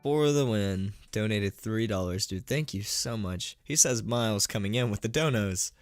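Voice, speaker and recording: A man's voice: lowish voice, normal speed, faint music behind. A man reading a horror story live on stream, tripping over words, laughing at his own mistakes and chatting with donors. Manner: stumbling, self-mocking, laughing at his own slips; chatty, thanks donors between passages. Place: at home.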